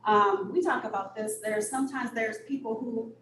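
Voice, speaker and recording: A woman executive director telling candid stories in an interview, blunt and animated, with sudden high-pitched bursts. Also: moderate pace. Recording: echoey room, distant mic, audible noise.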